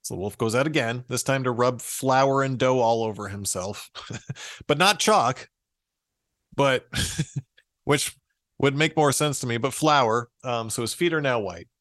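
A man's voice: mid-range voice, unhurried, pauses often, fairly bright tone, no room sound, clean studio sound. A man co-hosting a podcast, casually retelling a fairy tale and laughing often as he reads. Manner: amused, laughs often while reading. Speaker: podcast co-host.

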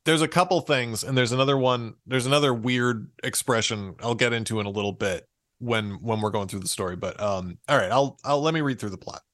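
A man's voice: medium pitch, fairly quick, a bit bright. A man co-hosting a podcast, casually retelling a fairy tale and laughing often as he reads. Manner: amused, laughs often while reading. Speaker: podcast co-host.

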